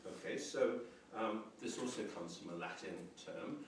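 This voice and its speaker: A low-voiced man lecturing on poetry, pausing often with ums and circling back over his words in a thoughtful, unhurried way. He is heard from some distance in a strongly echoing lecture room, with a faint hum of room ambience underneath. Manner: hesitant, many ums and restarts, reflective. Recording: roomy echoey lecture hall, mic at a distance.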